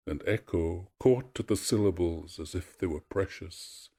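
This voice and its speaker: A man narrating a myth in a measured, expressive storytelling voice. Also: sits low, husky.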